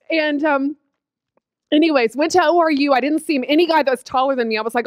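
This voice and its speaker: Woman, late thirties, testimony talk, emotional and chatty, fairly high voice, dry sound. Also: fairly even intonation, fast, dry recording. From Oklahoma panhandle, USA. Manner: emotional, tearful at times, chatty with many fillers. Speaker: guest speaker.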